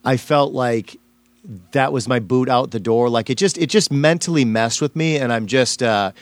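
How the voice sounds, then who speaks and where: A male stand-up comedian, guesting on a podcast interview, tells stories casually in a rambling, emotional way heavy on fillers and restarts. His voice is medium-pitched at a moderate pace. The recording is dry, with close sound.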